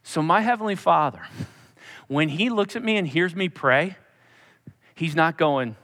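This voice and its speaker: A male pastor preaching a sermon, emphatic, dropping to a soft, intimate tone when he voices God speaking. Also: on the high side, very animated, normal speed, long reverb tail.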